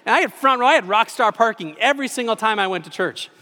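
A man in his forties delivers a sermon in a church sanctuary, his fairly high voice carrying a long hall reverb. He tells stories in an animated, self-deprecating way. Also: quick pace. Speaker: pastor.

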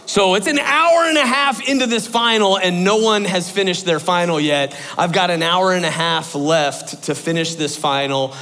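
A man telling an animated personal anecdote to an audience. He is excitable and full of fillers, and jumps into high exclamations. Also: normal speed, few pauses. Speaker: speaker telling a story to an audience. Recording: echoey hall with long reverb.

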